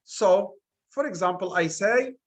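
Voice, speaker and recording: A male English teacher giving an exam revision lesson, speaking deliberately and stressing single words one at a time. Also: high voice, expressive.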